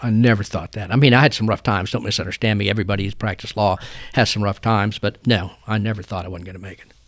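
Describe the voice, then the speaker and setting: A man's voice: fairly low pitch, steady tone, quick pace. An older man, a trial lawyer telling folksy stories in an interview. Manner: folksy, drawling storyteller. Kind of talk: interview storytelling.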